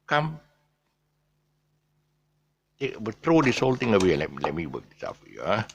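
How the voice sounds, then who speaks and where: A middle-aged man teaches pronunciation off the cuff in a deep, gravelly voice. His pitch swings widely as he drills words over and over, then drops to quiet asides. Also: wildly swooping pitch, moderate pace, a little hiss or hum. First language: Eurasian family speaking English as mother tongue. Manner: rambling, repeats words many times, drops into soft asides.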